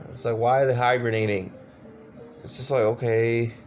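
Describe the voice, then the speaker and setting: A man's voice: medium pitch, flat delivery, normal speed, soft background music. A man giving a casual, exasperated movie review, swearing often and stumbling over fillers. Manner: exasperated, profane ranting with many fillers.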